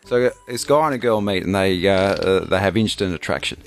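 A man hosting breakfast radio, playful and quick to laugh as he tells a joke. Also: sits low, faint music behind. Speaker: radio host.

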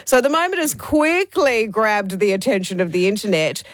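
Woman, radio co-host, casual chat, animated, dry sound. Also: mid-range voice, moderate pace, dry recording. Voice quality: laughs often, lively storytelling.

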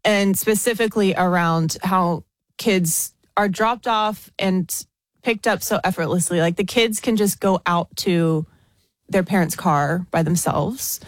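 An American woman chatting as a podcast guest, animated and full of fillers, laughing often. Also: medium pitch, measured pace, no room sound. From United States. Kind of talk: casual podcast chat.

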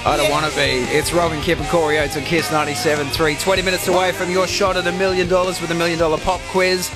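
A man hosting a radio show, upbeat and quick to laugh as he introduces a guest. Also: fairly high pitch, flat delivery, music in the background. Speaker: radio host. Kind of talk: breakfast radio banter. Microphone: studio microphone.

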